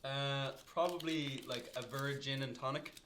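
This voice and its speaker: A man's voice: medium pitch, fairly even intonation, measured pace, fairly bright tone, slight background noise. A young adult Irish man chatting casually as a co-host of a livestream, playful and teasing, laughing often. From Ireland.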